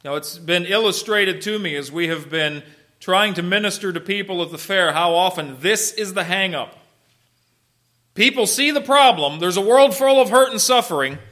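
A man preaching a sermon, animated and conversational, swinging from loud emphasis to soft asides and asking his listeners questions. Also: sits high, normal speed. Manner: conversational, asks the listeners questions and answers them. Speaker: pastor.

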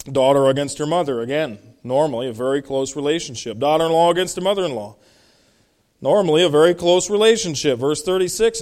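A middle-aged man preaching a sermon, working through scripture verse by verse. His voice is smooth and resonant, pitched a little higher than most men's. He leans hard on the key words to drive each point home. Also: a little mellow. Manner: expository preaching, reading verses and explaining them, emphatic in places. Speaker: pastor.

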